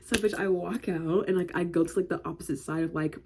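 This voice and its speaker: Husky-voiced woman telling a chatty storytime. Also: on the low side, steady tone, a little fast, dark tone. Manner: chatty, slangy, endless filler words. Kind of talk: casual storytime.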